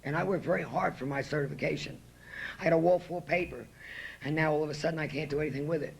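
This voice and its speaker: A woman's voice: deep voice, quick pace, creaky, husky. A woman speaking at a podium in a meeting room, telling her recovery story in a blunt, profane and emotional way. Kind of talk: personal recovery talk at a meeting.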